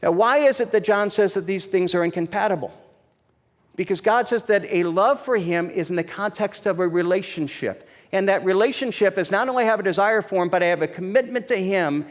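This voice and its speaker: A man delivers a sermon in a conversational, storytelling way, stumbling over restarts and then pressing his points with emphasis. His voice sits high for a man. The sound carries the long reverb of a church hall. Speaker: pastor. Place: church sanctuary.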